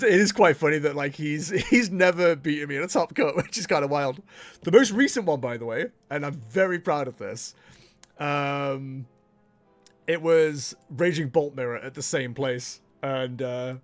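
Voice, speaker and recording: A young male streamer chats casually while playing on a livestream, laughing a lot and making fun of himself. His voice is fairly high and moderately paced, with soft music in the background.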